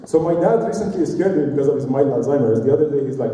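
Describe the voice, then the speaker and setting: A man's voice: mid-range voice, expressive, rapid-fire, hardly any pauses, warm tone, a little hiss or hum. Forties male emcee, stand-up patter, heard far off through a long hall reverb with faint room ambience. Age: 40s. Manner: joking, self-mocking. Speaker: event emcee. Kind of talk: stand-up comedy hosting. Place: large party hall. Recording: distant, roomy hall recording.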